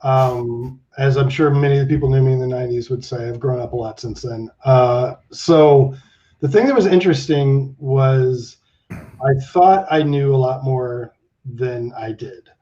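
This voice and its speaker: A man around fifty telling stories as an interview guest, animated and swearing, acting out the people he quotes. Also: medium pitch, unhurried. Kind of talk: casual interview storytelling. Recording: dull lo-fi sound.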